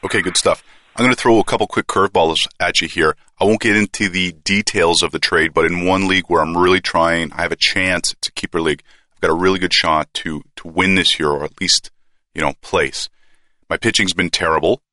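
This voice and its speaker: A man's voice: low voice, fairly even intonation, fairly quick, pushed and bright, no room sound, clean studio sound. A man with a Canadian accent hosting a casual fantasy sports podcast, joking and ribbing his guest. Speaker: podcast host.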